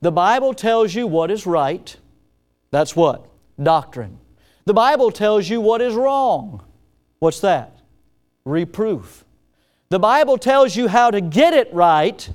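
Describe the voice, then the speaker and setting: A man's voice: sits high, sing-song, takes it slowly, long pauses. A man preaching a sermon to his congregation, folksy and repetitive, asking them questions as he goes. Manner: folksy, repeats key phrases, asks the congregation questions. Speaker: pastor.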